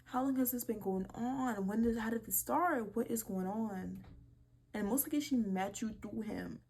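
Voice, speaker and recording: A young woman hosting a casual vlog, reading posts aloud and reacting with animated disbelief and swearing. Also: on the high side, normal speed, gravelly, a little hiss or hum. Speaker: video creator.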